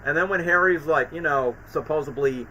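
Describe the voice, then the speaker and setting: A man streaming casual commentary, excitable and acting out quoted lines as he recaps scenes. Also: a little high, moderate pace, slight background noise, rough recording.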